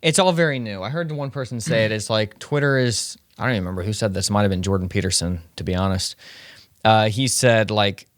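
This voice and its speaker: A man's voice: fairly low pitch, a little fast, no echo, clean studio sound. A man from Tennessee co-hosting a podcast, telling stories in a loose, conversational way. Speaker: podcast co-host. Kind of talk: casual chat.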